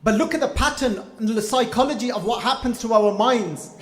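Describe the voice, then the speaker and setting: A man teaching a Sikh class, telling stories and acting out the quoted lines in an animated way. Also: extremely high pitch, fairly quick, roomy sound, faint music behind. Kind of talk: storytelling sermon. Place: hall.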